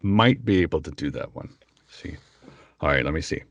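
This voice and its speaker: A man, a voice actor, chatting in an interview and animated, often breaking into impressions. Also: a bass voice, normal speed, dry recording. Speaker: voice actor guest. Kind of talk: casual interview chat.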